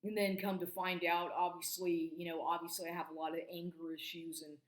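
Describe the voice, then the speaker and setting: A woman's voice: lowish voice, level tone, fairly quick. A woman in her forties giving an agitated monologue to camera, swearing constantly and stumbling over restarts. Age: 40s. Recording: echoey room recording.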